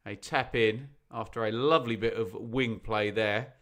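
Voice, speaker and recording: A man's voice: fairly low pitch, steady tone, moderate pace, a bit bright. A man hosting a live football watch-along, chatting and joking as he reads out viewers' locations. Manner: chatty, jokey, bursts into snatches of song. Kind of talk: live-stream chat reading out viewers.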